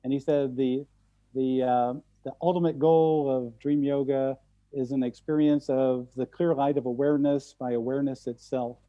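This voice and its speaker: Mellow-voiced man telling stories haltingly. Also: medium pitch, flat delivery, muffled recording. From central United States. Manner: halting, repeats words often. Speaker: guest speaker. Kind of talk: storytelling in conversation.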